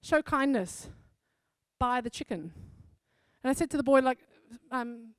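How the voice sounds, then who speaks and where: A woman pastor with a high voice tells a story from the pulpit, earnest and conversational. The sound is close and dry, with no room around it. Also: fairly quick, no room sound. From South Africa. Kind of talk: sermon.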